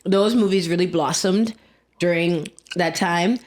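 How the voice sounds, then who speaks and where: A woman in her thirties co-hosting a relaxed podcast, her voice sitting a little low for a woman. She rambles along with fillers like um and like, and chews on food as she speaks. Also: measured pace. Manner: chatty, rambling with many fillers. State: eating while talking. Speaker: podcast co-host. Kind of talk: casual chat.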